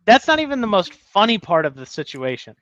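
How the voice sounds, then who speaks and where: With a high voice and a fairly quick pace, this US podcast co-host spins a lively story in relaxed conversation, voicing the characters' quotes himself. There's no echo, though the audio sounds muffled.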